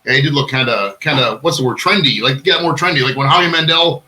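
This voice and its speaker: A man's voice: mid-range voice, fast, sharp tone, low-quality recording. A man hosting a podcast interview, asking loose, chatty questions full of filler words. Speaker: podcast host. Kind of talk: casual interview.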